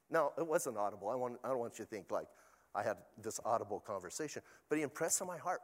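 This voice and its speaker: A man's voice: medium pitch, expressive, quick pace, big-room sound. An older man, a pastor, preaching a sermon in a chatty, storytelling way with asides to the congregation.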